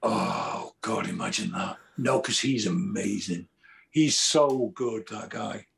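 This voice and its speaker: Animated storytelling man. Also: lowish voice, slow, vocal fry, a little hiss or hum. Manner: animated storyteller, acts out quoted exchanges. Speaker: actor guest. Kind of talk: casual interview chat.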